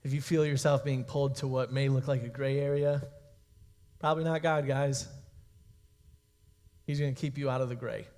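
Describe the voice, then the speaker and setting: Speaking in a mid-range, slightly mellow voice with fairly even intonation, a young youth pastor preaches at a moderate pace broken by long pauses. The hall adds long reverb, and his relaxed sermon keeps checking in with "okay?" and "guys."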